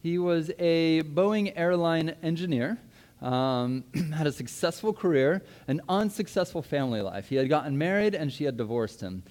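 A man in his thirties preaches from the pulpit, his voice sitting a little higher than most men's. He mixes prayer with a personal story and acts out his own past words with animated energy. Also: moderate pace. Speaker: pastor. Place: church.

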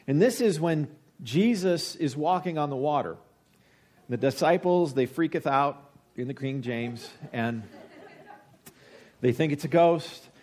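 A man in his forties, a pastor, preaching a conversational sermon that swings between loud emphasis and quiet asides. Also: on the high side, animated, measured pace, long pauses.

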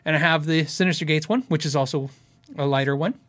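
A man's voice: on the high side, quick pace, fairly bright tone, no room sound. A middle-aged man hosting a casual live show, chatting and giggling as he rambles through stories and viewer questions. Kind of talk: casual live-stream chat.

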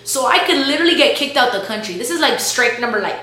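A woman's voice: fairly high pitch, animated, quick pace, bright, forceful tone. A young woman, a college student, casually telling a faith testimony in a chatty, slangy way, full of "like" and "bro". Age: young adult. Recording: very echoey room with faint hum.

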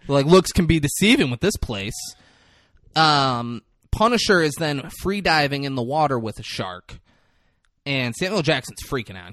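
A man's voice: mid-range voice, sing-song, normal speed, a bit bright, no room sound, clean studio sound. A man co-hosting a casual podcast, animatedly retelling a movie scene by scene and swearing freely. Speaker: podcast co-host. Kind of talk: casual movie recap chat.

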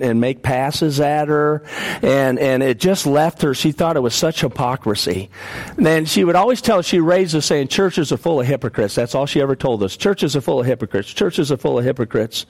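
A man preaching a sermon, telling personal stories earnestly and often repeating and restarting his words. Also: fairly high pitch.

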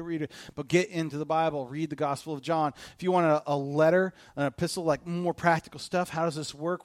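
Lively, upbeat-sounding male pastor, dry sound. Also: on the high side, no room sound. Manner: animated storytelling, jokey asides. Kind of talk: sermon.

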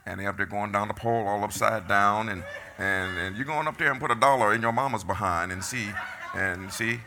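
Male preacher, emphatic and scolding; gravelly low voice. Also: a little fast, bright, forceful tone, slight background noise. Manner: emphatic, street-talking, scolding congregation. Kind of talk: fiery preaching.

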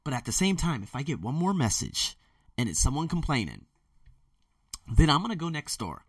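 Young male podcast host, heated and profane rant, animated delivery, dry slightly distant sound. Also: a little high, normal speed, no echo. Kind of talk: casual ranting monologue. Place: bedroom with door closed. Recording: dry room, voice a bit off-mic.

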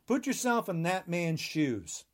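A man's voice: sits high, big pitch swings, a little slow. A man in his sixties delivering a heated, rambling podcast monologue, emphatic and full of restarts. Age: 60s. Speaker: podcast guest.

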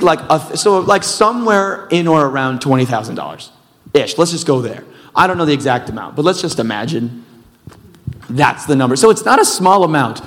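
A man preaching a sermon in a relaxed, conversational way. He wanders into self-deprecating asides and talks in a mid-range voice. The sound carries a long reverb from a church hall. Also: medium pitch. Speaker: pastor.

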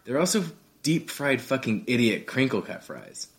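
A man co-hosting a chat podcast, telling a story with lots of energy. His pitch rises and falls widely as he mimics the people he is quoting. The delivery is casual and expressive. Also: normal speed. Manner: animated storytelling, acts out quoted people. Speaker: podcast co-host.

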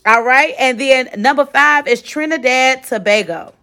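A woman in her forties, originally from Chicago, hosts a solo podcast recap in a loose, chatty way. Her voice sits a little high, and she speaks straight to her listeners, often tagging her sentences with a quick check-in. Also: clean tone. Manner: chatty, animated, lots of direct address and 'okay?'. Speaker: podcast host.

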